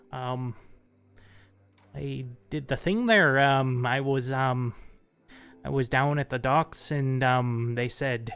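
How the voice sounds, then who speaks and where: A man's voice: medium pitch, clear, resonant tone. A man voicing a nervous, bumbling male halfling deckhand with a put-on Canadian accent, stammering through ums and uhs.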